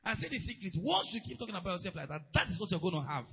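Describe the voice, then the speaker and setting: A man preaching a sermon to a church, calling out questions and leading the congregation in shouted declarations. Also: sits high, big pitch swings, very fast, vocal fry, slight background noise, rough recording. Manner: call-and-response, building to shouted declarations.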